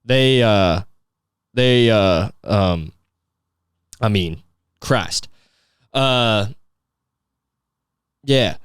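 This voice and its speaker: A man's voice: lowish voice, extremely slow, pauses often, clean tone, no echo, studio quality. A young man hosting a podcast, rambling in a casual, profane comedic rant full of fillers and restarts. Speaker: podcast host.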